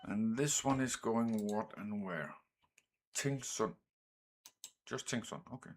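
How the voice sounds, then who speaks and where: A man's voice: fairly low pitch, animated, a little hiss or hum. A man with a Danish accent, casually commenting on his game as he sets up train routes. He talks to his trains and swears or exclaims when something goes wrong. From Denmark. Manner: slow and drawn out, thinking aloud while setting up routes. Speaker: gaming streamer.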